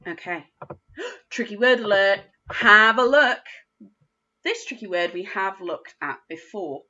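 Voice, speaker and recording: A woman teaches phonics to young children, sounding out each word letter by letter. Her voice is bright and lively, moving up and down a lot, and her pace is slow and patient. The recording has a dull, lo-fi quality. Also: mid-range voice. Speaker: primary school teacher.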